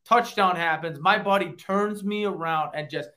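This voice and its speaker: A man's voice: high-pitched, moderate pace, background noise. A man in casual chat, rambling through a story and correcting himself as he talks.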